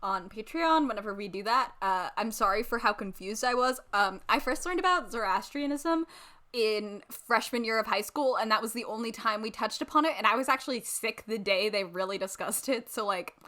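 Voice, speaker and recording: Giggly, bright-voiced Massachusetts woman. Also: on the high side, normal speed. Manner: giggly, rambling with many fillers. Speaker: podcast co-host. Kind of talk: casual chat.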